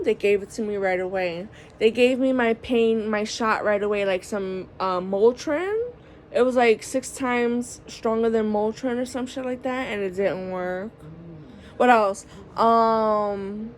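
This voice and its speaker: A woman, telling a story in a casual vlog, animated and swearing freely. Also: medium pitch, a little hiss or hum. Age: 30s. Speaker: vlogger.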